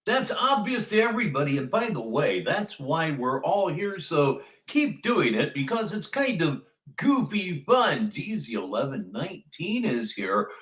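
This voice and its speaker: A man's voice: fairly high pitch, big pitch swings, a little slow, a bit bright. A man in his sixties from Ohio hosting a livestream, chatting in a wry, sardonic way as he introduces clips. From Ohio, USA. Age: 60s. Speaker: commentary stream host. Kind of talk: casual livestream commentary. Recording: roomy echo.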